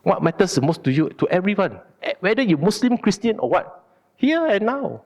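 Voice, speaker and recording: A man with a Malaysian English accent giving a Buddhist Dharma talk in an animated, colloquial and emphatic way. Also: high-pitched, fairly quick, creaky, dull audio. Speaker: Dharma speaker. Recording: long hall reverb.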